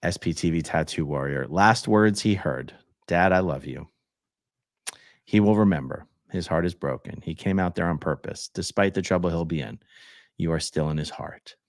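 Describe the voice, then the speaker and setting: A man's voice: low voice, moderate pace, no room sound, studio quality. A man hosting a livestream, reading viewer comments aloud in a laid-back way, and chatting with his guest. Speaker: livestream host reading chat. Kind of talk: casual livestream chat.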